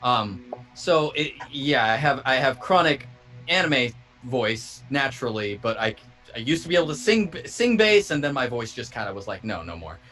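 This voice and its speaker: Casting note: lively, swearing male co-host on a drunk podcast, a bright voice that swings up and down. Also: medium pitch, normal speed, faint music behind. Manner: animated, swearing, rambling with restarts. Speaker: podcast co-host explaining scream vocals. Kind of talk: casual drunk chat among friends.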